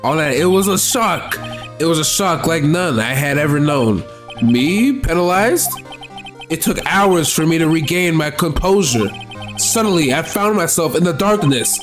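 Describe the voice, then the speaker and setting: A man voicing an arrogant older male prosecutor, a vengeful villain who shouts in rage and recounts his crime slowly. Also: fairly high pitch, expressive, lightly acted. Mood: coldly recounting. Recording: game music playing behind.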